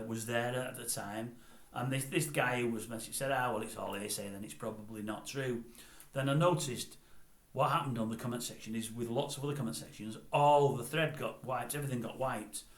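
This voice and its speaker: A man's voice: mid-range voice, fairly bright tone. Older man telling a story. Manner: conversational, digressive, chatty. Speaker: vlogger. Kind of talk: rambling storytelling monologue. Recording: roomy echo.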